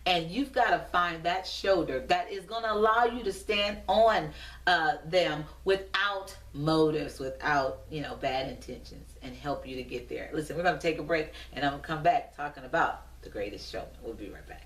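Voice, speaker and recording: A woman's voice: low-pitched, moderate pace, fairly bright tone. Preachy woman host, roomy and distant. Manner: preachy, repetitive, rhythmic exhortation. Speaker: motivational show host. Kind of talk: motivational pep talk to camera. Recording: roomy echo, distant from mic.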